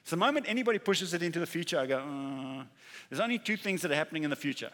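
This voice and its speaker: A man preaching a sermon, talking casually and emphatically, often acting out quick bits of dialogue and repeating key words. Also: on the high side, expressive, a bit bright. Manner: conversational preaching with acted-out dialogue and emphatic repetition. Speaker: pastor. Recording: reverberant hall.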